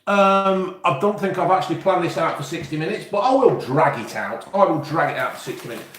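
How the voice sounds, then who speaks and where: A man's voice: a little high, animated, a little fast, a bit bright, reverberant. A man with an East Midlands English accent, rambling and swearing casually as he chats to viewers on his live stream. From England. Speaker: YouTube host.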